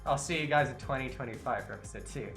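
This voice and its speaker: A man co-hosting a casual gaming podcast, animated, swearing freely and laughing. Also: medium pitch, quick pace, vocal fry, faint music behind. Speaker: podcast co-host. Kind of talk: casual chat while playing a visual novel.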